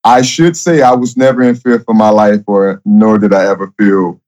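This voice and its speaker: A man who is a guest on a podcast, speaking casually, often halting and repeating his words. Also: fairly low pitch, fairly even intonation, darkish tone. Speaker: guest, former reality show contestant. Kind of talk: casual interview chat.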